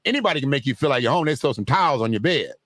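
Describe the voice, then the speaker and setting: A man's voice: medium pitch, lively intonation, very fast, a bit bright, no echo. A man hosting a livestream, talking straight to his viewers in a loose, joking, conversational way. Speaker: livestream host. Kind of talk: casual livestream commentary.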